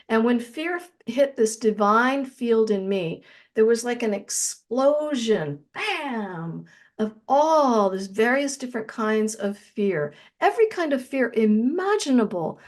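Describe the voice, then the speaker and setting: A woman guest in an interview, telling a personal spiritual story in an earnest, reflective way and slowing down on key phrases. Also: on the high side, lively intonation.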